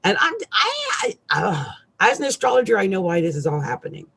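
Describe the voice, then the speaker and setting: Husky, ranting woman astrologer. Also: medium pitch, sing-song, brisk. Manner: ranting, irritable, swings between loud outbursts and quiet asides. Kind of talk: live-streamed rant.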